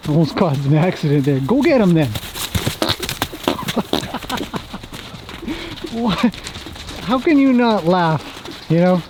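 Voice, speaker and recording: A man's voice: a little high, background noise. Chatty man talking to his horses. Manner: chatty, talks fondly to the horses. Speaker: horse trainer. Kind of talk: casual commentary while working horses. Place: outdoors in a horse pen.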